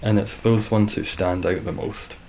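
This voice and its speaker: A man's voice: lowish voice, steady tone, moderate pace, a little mellow, a little hiss or hum. A young Scottish man chatting on a live game stream, reading viewer comments with dry, sarcastic humour. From Scotland.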